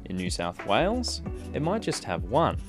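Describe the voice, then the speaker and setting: A man from Western Australia with a Western Australian accent, presenting a documentary report in clear, measured scripted narration. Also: lowish voice, wildly swooping pitch, music in the background.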